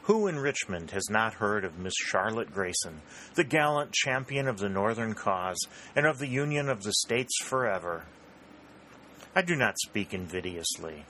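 A man reading the part of a smooth, bland male government secretary who speaks in even, silky tones. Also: fairly low pitch, moderate pace, a little hiss or hum.

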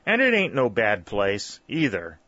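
A man's voice: on the low side, wildly swooping pitch, a little slow, pushed and bright, no room sound, exaggerated voice. A man reading voicing a hearty middle-aged backwoods mountain man who talks in a folksy, jovial drawl. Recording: dull, lo-fi dry recording.

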